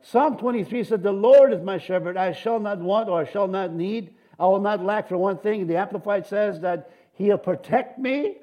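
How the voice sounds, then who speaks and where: A middle-aged man preaching a sermon, animated, shouting amens and cheers and slipping in joking asides. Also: high voice, normal speed, few pauses, highs cut off. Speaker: pastor.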